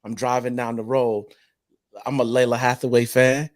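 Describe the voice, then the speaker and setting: Guy hosting a chat show, emphatic, keeps repeating himself, middle pitch. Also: flat delivery, normal speed. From North Carolina. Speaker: podcast host. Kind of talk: casual chat.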